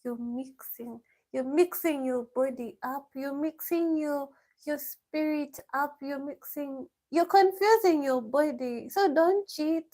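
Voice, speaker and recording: Woman on a live q&a, high voice, reads questions out then answers, laughs a lot. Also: slow pace, warm tone. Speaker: vlogger answering viewer questions. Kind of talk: casual live-stream Q&A. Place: village home.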